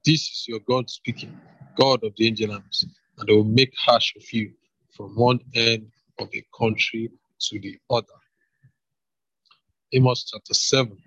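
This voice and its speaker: Husky-voiced man reading scripture. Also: medium pitch, steady tone, a bit bright, dry recording, lo-fi sound. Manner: brisk, hurried reading. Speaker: scripture reader.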